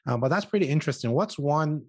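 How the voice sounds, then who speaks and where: A man's voice: fairly high pitch, expressive, fast, slightly rough, no echo, studio quality. A man hosting a podcast interview, upbeat and teasing, with a casual manner. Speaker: podcast host.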